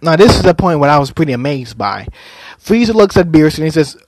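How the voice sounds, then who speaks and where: A young man casually recapping an anime plot as a reviewer, halting often with fillers and restarts. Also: on the high side, sing-song, no echo. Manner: hesitant, many fillers and restarts.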